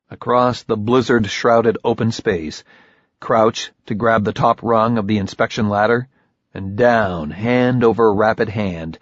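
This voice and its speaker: A man narrates a first-person audiobook in a slow, measured, grim manner at a middling pitch. The recording is dry and close, with a dull lo-fi tone. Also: no echo.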